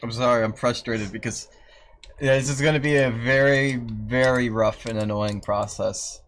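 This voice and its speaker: A man's voice: mid-range voice, steady tone, moderate pace, fairly bright tone, slight background noise. A man streaming from home, casually teasing his dog and griping about tedious work, swearing freely. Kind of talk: casual live-stream chat.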